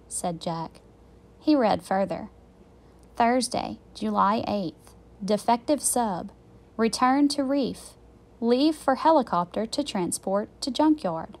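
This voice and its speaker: A woman teacher reading a children's chapter book aloud in a slow, clear and expressive way. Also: medium pitch.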